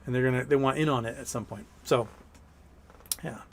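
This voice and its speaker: A man's voice: mid-range voice, a little fast. A man hosting a casual livestream, reading chat messages aloud and telling long, rambling stories with plenty of swearing. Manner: rambling, profane, storytelling, reads chat aloud. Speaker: livestream host.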